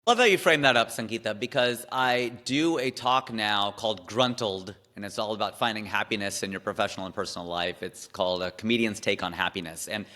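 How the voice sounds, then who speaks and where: A man, a comedian, talking through stories and advice in a casual interview, animated with quick asides. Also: lowish voice, long reverb tail.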